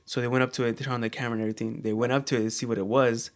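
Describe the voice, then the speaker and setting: A man co-hosting a casual chat show, talking in a halting way with many fillers and restarts. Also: mid-range voice, level tone. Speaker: co-host.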